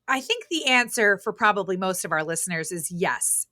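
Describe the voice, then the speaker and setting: A woman guest-hosting a podcast, rambling playfully through anecdotes and asides. Her voice is bright and a little tense. The sound is close and dry, with no room in it. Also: mid-range voice, sing-song, normal speed, no room sound. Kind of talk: casual chat.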